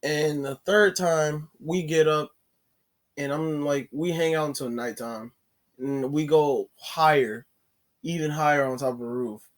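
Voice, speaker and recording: A man's voice: fairly high pitch, measured pace. A man telling a personal story in a casual, rambling way, full of "like" fillers and self-corrections. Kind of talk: casual story-time narration.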